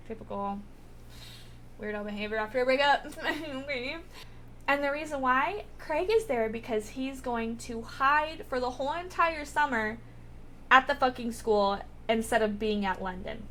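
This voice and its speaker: A woman's voice: high voice, unhurried, bright, forceful tone, a little hiss or hum. A woman vlogger recapping a TV episode in a casual, rambling way, with lots of filler words and swearing.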